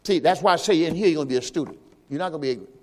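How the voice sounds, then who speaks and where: A man with a high-pitched voice teaches a sermon, talking loosely and quizzing the congregation as he goes. His voice rings out with a long reverb in a church sanctuary. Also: racing, a little mellow. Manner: conversational preaching, quizzing the congregation. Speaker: pastor.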